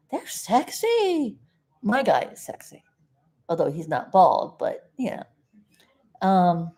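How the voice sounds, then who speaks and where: Speaking in a mid-range voice, this folksy South Florida vlogger chats to camera and wanders from thought to thought. Every so often she gets suddenly loud, apologizes sheepishly, and turns to say something to her dog.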